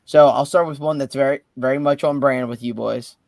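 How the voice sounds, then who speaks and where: A man's voice: mid-range voice, steady tone, brisk, creaky, darkish tone, no room sound. Earnest young guy, dry close sound. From Italian-American family. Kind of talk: casual chat.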